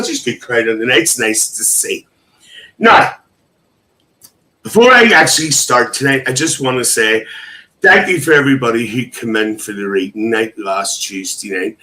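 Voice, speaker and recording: Chatty livestream host, bright. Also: male voice, mid-range voice, lively intonation, normal speed, low-quality recording. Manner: emotional, chatty, laughs often. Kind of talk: casual live chat reading comments.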